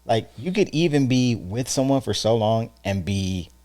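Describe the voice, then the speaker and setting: A married man co-hosting a casual podcast, giving animated, earnest relationship advice with frequent restarts. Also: mid-range voice, moderate pace, dry recording. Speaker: podcast co-host. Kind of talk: casual chat.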